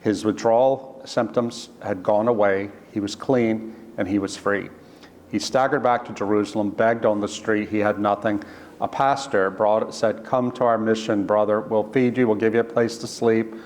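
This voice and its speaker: A man's voice: lowish voice, steady tone, darkish tone. Earnest man telling a story in a church. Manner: earnest, halting, with restarts and quoted voices. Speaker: author telling a personal story. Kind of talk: storytelling talk. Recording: long church reverb.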